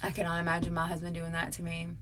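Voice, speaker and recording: A woman's voice: lowish voice, completely flat delivery, very fast, slight background noise. A young adult woman, chatting casually and emphatically to viewers on a live stream as its host. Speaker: livestream host answering tag questions.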